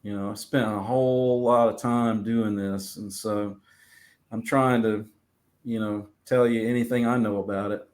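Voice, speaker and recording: A man, a musician guest from the United States, talking in a relaxed, rambling way with many fillers. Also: fairly low pitch, moderate pace. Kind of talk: casual interview.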